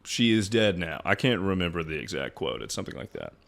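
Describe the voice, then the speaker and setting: A man in his twenties rants casually and profanely on a livestream while ranking things. His voice sits low but swings widely in pitch, and he talks at a quick pace with a creaky, slightly bright quality.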